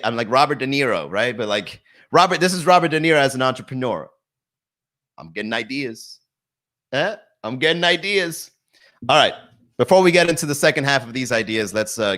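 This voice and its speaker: Bright-voiced man riffing on a live stream. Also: mid-range voice. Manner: laughs at his own jokes, riffs fast and loose. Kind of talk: casual live-stream comedy chat. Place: home garage.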